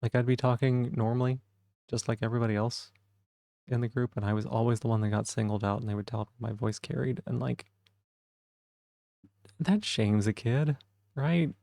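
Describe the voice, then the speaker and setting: A man streaming live in casual chat, soft-spoken and rambling as he reads the chat aloud. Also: mid-range voice, steady tone, moderate pace, creaky, pauses often, no echo, clean studio sound.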